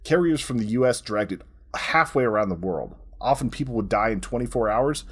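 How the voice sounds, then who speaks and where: A man co-hosting a casual history podcast, explaining in a relaxed way with lots of "like" as filler. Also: medium pitch, a little fast, husky. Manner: relaxed, says "like" a lot while explaining. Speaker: podcast co-host.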